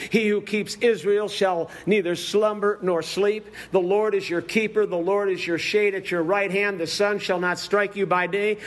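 A man preaching a sermon, telling stories with heartfelt feeling and reciting scripture. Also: high voice. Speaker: visiting preacher.

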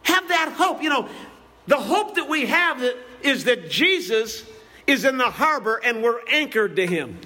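High, bright-voiced impassioned male preacher. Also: big pitch swings, unhurried. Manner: impassioned, repetitive, preaching cadence. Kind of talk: sermon. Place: church building.

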